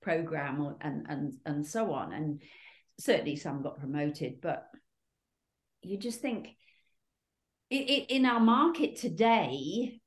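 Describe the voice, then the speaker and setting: A woman's voice: sits low, animated, slow pace, long pauses. A woman speaking reflectively in a casual conversation. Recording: roomy echo.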